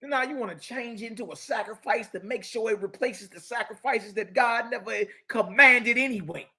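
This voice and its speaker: A man hosts a fiery commentary. He reads passages aloud, then breaks into mocking, slangy outbursts. His tone swings between preachy and taunting, with frequent shouts. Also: very high voice, moderate pace, slightly rough. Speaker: show host. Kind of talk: animated commentary reading from a book.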